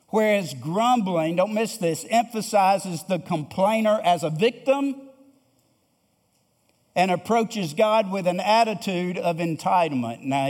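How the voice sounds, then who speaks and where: A pastor preaching a sermon, earnest and emphatic, who repeats phrases and asks the congregation rhetorical questions. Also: male voice, sits high, darkish tone. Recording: long hall reverb.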